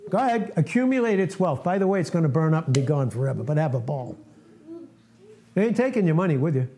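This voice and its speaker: Earnest man in his sixties, mellow voice. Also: on the high side, sing-song, fast talker. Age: 60s. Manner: earnest, conversational, laughing at himself. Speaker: preacher. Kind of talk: informal sermon to a fellowship.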